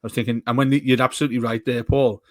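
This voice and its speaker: A man's voice: medium pitch, little pitch movement, very fast, dry recording, clean studio sound. Rambling man on a fan podcast. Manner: rambling, restarts often, laughs while talking. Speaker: podcast co-host. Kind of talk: casual chat.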